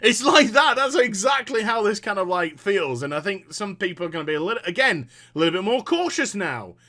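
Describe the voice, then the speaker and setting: A man with a high, bright voice rants through a reaction vlog, swinging his pitch all over the place. He is exasperated and sarcastic, swearing freely as he picks apart what he heard. The delivery is animated commentary straight to his viewers. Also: a little fast. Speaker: gaming vlogger.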